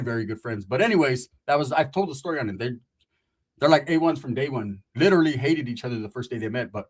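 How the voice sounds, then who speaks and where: A man with a high, husky voice spins a rambling, profane story in street slang. He drifts between asides and punchlines in a loose, streetwise way. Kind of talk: casual storytelling.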